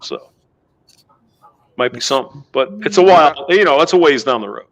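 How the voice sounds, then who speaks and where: A man's voice: a little high, lively intonation, normal speed, creaky. A man hosting a casual group voice call, joking around with crude humor and laughing often.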